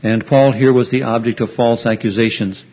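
A man preaching an earnest, explanatory sermon, pausing often with fillers as he retells a story. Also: mid-range voice, fairly even intonation. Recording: dull lo-fi recording.

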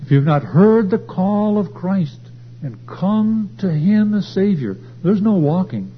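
A man preaching a sermon at a church service, swelling louder and higher as he drives his points home. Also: animated, a little slow, slightly rough. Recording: dull lo-fi recording with faint hum.

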